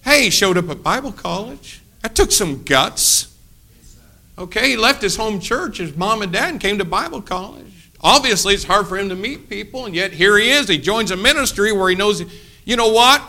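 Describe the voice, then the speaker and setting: A middle-aged man preaching with a sharp, bright tone that sits a little high. He tells stories with animation, acting out voices, leaping from loud bursts to hushed, intimate asides. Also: expressive, moderate pace. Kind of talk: sermon with storytelling.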